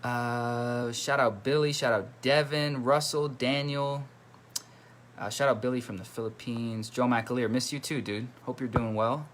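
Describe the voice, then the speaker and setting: A man's voice: medium pitch, steady tone, measured pace, a bit bright, slight background noise. A man hosting a casual livestream as a musician, chatting and reading out viewer comments. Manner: chatty, reads viewer comments aloud and greets them. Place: at home by his computer.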